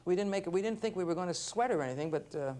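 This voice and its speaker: A man interviewing a dancer in a relaxed, halting way, often pausing and restarting his sentences. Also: high voice. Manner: halting, many fillers and restarts. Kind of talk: casual interview.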